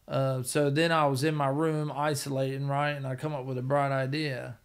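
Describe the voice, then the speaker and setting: A middle-aged man with a rough, gravelly edge in his voice, sitting in as a podcast guest. He talks in a blunt, profane, rambling way at an ordinary middle pitch. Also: little pitch movement, moderate pace. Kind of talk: casual storytelling.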